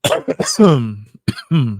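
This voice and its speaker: A man's voice: mid-range voice, sing-song, drawn-out words, gravelly, a little mellow, no echo, clean studio sound. A man with a New York accent hosting casual commentary, blunt and swearing freely. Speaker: commentary host.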